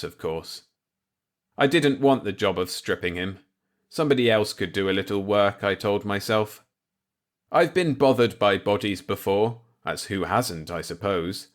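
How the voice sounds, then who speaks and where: A man reading a dark science-fiction novel aloud in the first person, measured and low-key. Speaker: audiobook narrator.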